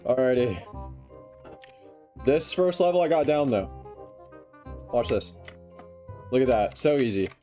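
An excitable young man talks through his game session, joking at his own expense and yelping whenever he slips up. His voice sits at an ordinary middle pitch, and faint music plays behind him. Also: a little slow, pauses often. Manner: excitable, self-mocking, yelps when failing. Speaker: gaming YouTuber. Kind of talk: casual gameplay commentary.

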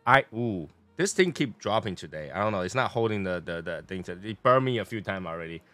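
Bright-voiced man reviewing cigars. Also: sits low, expressive, quick pace, no echo, faint music behind. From Taiwan. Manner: chatty, rambling, playful tangents. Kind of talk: casual review vlog.

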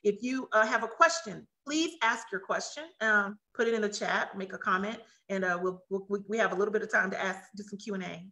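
A woman host talking over a video call, bright and forward in tone at an average pitch. She sounds excited and effusive, tripping over her words and restarting often as she runs a live webinar. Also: brisk, hardly any pauses.

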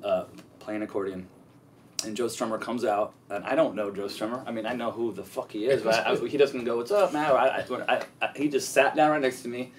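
A man telling stories as an interview guest, profane and rambling, with lots of halting restarts. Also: medium pitch, fairly even intonation, a little hiss or hum. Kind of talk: casual storytelling interview.

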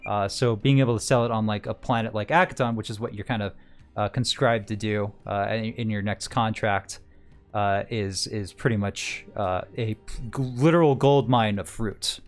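A man's voice: on the low side, steady tone, normal speed, soft background music. Rambling male game master. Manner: rambling, many fillers and restarts. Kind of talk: narrating a tabletop game.

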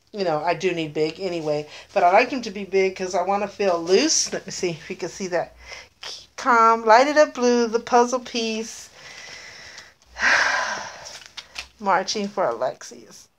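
A middle-aged woman chatting to camera as she opens a gift, gushing and openly emotional. Her voice sits at an ordinary middle pitch and she is often on the edge of tears. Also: lively intonation, measured pace, fairly bright tone, a little hiss or hum. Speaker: vlogger. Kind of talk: casual unboxing vlog.

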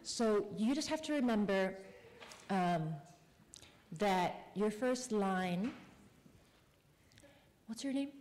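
A woman author casting audience volunteers for a live reading, friendly and quick to laugh. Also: mid-range voice, expressive, a little mellow, slight background noise. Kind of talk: casual talk to a live audience. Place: public library event room. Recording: long hall reverb.

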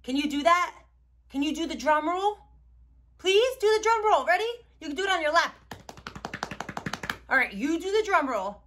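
A young woman hosting a children's learning video, talking slowly in a playful, repetitive, coaxing way as she shows each step. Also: high-pitched, expressive. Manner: sing-song, repetitive, gently coaxing. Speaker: children's educational host. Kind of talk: slow, playful teaching to toddlers.

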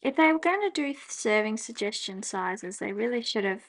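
A woman, chatting casually at her desk as she journals, laughing often and breaking into excited exclamations. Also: fairly high pitch, moderate pace. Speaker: journaling vlogger. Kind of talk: casual chat while journaling. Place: home desk.

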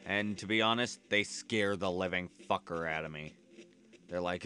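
A man's voice: deep voice, steady tone, normal speed, bright, forceful tone, soft background music. Crude, goofy let's-play man. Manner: crude, goofy, swears a lot. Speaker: let's player. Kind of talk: game commentary and reading dialogue aloud.

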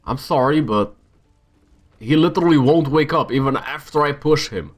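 A man's voice: on the high side, moderate pace. A young man casually commenting on his own gameplay, talking to himself with exasperated outbursts. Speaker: gamer. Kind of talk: let's-play commentary.

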